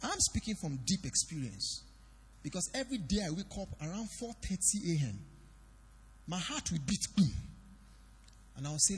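A pastor preaching a sermon in a church hall, swinging between loud declarations and quiet confiding. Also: male voice, sits high, big pitch swings, moderate pace, long pauses, breathy edge. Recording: long reverb of a church hall.

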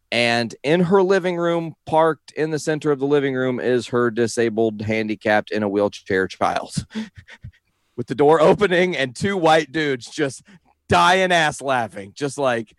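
A man's voice: mid-range voice, no room sound, studio quality. A young man telling a rambling, profane story in casual chat, often breaking into laughter as he talks. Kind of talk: casual anecdote.

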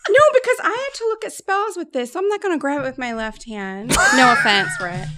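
A woman's voice: high-pitched, brisk, very noisy. A woman in casual chat among game friends, giggly and talkative. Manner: giggly and chatty. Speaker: tabletop game player.

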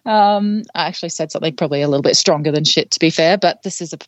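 Low-voiced woman telling a story. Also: fairly quick, no echo. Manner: rambling, many fillers, laughs between phrases. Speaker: podcast guest, trail runner. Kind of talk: casual storytelling.

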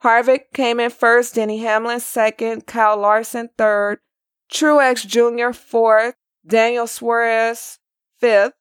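Woman, podcast host, upbeat, casual chat, brisk recap, dry close sound. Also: on the high side, little pitch movement, clear, resonant tone, dry recording.

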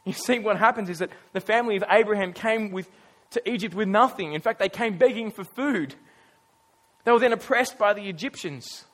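A male pastor preaching a sermon, earnest and emphatic, with storytelling pauses and casual asides. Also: sits high, fairly bright tone.

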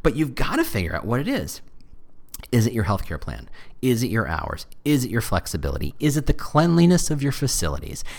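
Animated man hosting a podcast. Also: mid-range voice, a little fast, creaky. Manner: animated, joking, self-deprecating asides. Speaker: podcast host. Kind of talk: casual podcast monologue on hiring.

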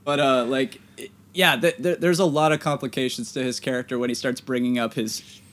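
A man with a middle-pitched voice chatting on a film podcast. He talks with enthusiasm and laughs often as he reacts to scenes. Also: steady tone, a little fast, a bit bright. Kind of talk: casual film discussion.

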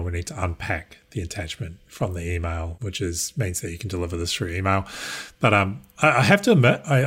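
A man with a New Zealand accent, cohosting a podcast in thoughtful, measured casual chat. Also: lowish voice, slightly rough. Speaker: guest cohost.

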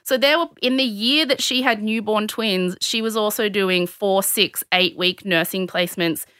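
Brief: Australian woman, chatty storyteller, bright forward tone, dry close sound. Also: mid-range voice, normal speed, smooth, no room sound. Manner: animated, acts out quotes of others. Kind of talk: casual storytelling chat.

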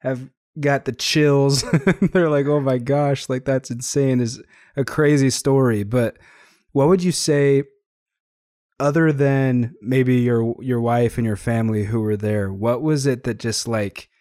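A man's voice: medium pitch, slow, no echo. Casual male interviewer, dry sound. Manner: relaxed, casual with filler words.

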